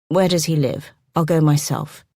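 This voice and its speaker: A woman voicing a firm, decisive young gentleman in an audiobook. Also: low-pitched, moderate pace, no echo, clean studio sound.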